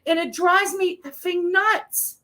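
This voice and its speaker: A woman's voice: very high-pitched, slow, sharp tone, low-quality recording. A woman co-hosting a casual chat, telling an exasperated, ranting story. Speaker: co-host.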